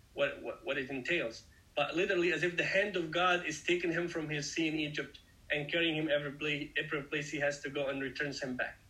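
A man's voice: on the high side, pushed and bright, poor audio. A man giving a conversational Bible study sermon, explaining the passage earnestly and speaking straight to his listeners. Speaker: Bible teacher.

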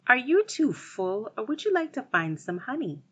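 A woman voicing a clever, polite young girl in a storybook tale, speaking calmly and firmly. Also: a little high, normal speed, a little hiss or hum, voice pushed up.

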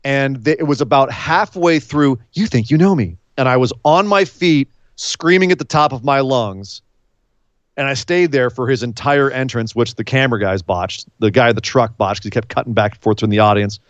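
Man, podcast co-host, excitable and emphatic, dull dry recording. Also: mid-range voice, normal speed, dry recording. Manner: excitable, gets choked up, emphatic. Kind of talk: casual wrestling recap chat.

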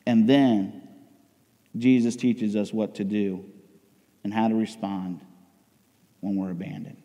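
A man preaching a sermon as pastor, swinging between loud emotional outcries and hushed intensity. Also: on the low side, steady tone, takes it slowly, long reverb tail.

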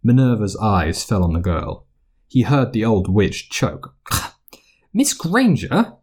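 A man narrating fiction aloud as an audiobook in an expressive storytelling manner. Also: fairly low pitch, a little slow, husky.

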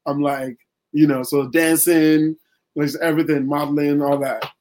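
Guest poet, male, chatty and rambling, voice a touch high. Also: flat delivery, normal speed, a little mellow, slight background noise, rough recording. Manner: rambling, many fillers and restarts. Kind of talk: casual interview talk.

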